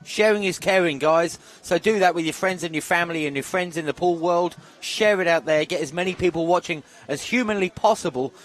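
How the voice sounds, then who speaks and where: A man doing live pool commentary, joking around with puns in relaxed banter. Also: a little high, brisk, hardly any pauses. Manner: jokey, punning banter.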